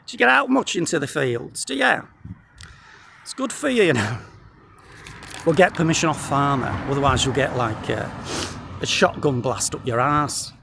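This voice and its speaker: Man, dry comic rambling, outdoor camera mic, slightly high voice, faint background noise. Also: animated, normal speed, gravelly, long pauses, a bit bright. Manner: dry, jokey, rambling, swears a lot. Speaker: vlogger. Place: outdoors in a wheat field.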